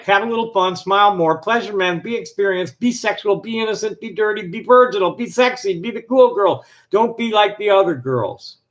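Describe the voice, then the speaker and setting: A man with a notably high voice hosts a live stream. He reads a text aloud in a steady, rhythmic list cadence, then drifts into loose, rambling chat with small restarts.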